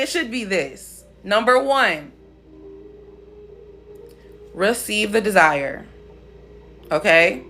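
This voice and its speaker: A woman's voice: medium pitch, expressive, extremely slow, long pauses, bright, forceful tone, faint music behind. A woman hosting a casual spiritual livestream, talking in a blunt, profane, playful way.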